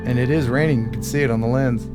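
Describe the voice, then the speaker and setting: A man's voice: medium pitch, loud music behind the voice. Upbeat man hosting a live show. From United States. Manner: upbeat, chatty, quick to laugh. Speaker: host of a live drone show. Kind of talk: casual live-stream chat.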